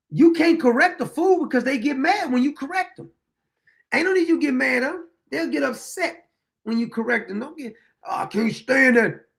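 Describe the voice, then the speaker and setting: A man with a high, gravelly voice hosts his own opinion show. He talks in a blunt, combative monologue, firing rhetorical questions at his listeners and letting out dry chuckles between points. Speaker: show host.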